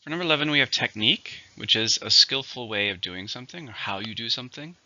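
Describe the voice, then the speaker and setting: A man teaching English vocabulary slowly and carefully, counting syllables and marking stress. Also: medium pitch, animated, sharp tone, no room sound, muffled recording. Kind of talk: vocabulary lesson.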